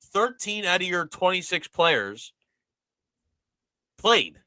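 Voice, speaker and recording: Man, high voice, bright tone, animated exasperated podcast chat, dry close sound. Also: takes it slowly, dry recording, low-quality recording. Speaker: podcast host. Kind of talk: casual sports chat.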